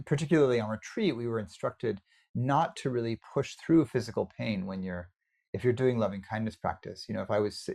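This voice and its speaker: A man meditation teacher giving a relaxed, conversational dharma talk over a video call, with many fillers. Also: on the low side, creaky. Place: home, online session.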